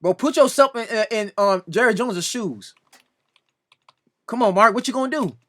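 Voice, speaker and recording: Exasperated, a sports reaction video host keeps begging "come on now" while he argues face-to-face with a fellow commentator in a casual tone. He speaks at a normal speed in a high-pitched voice.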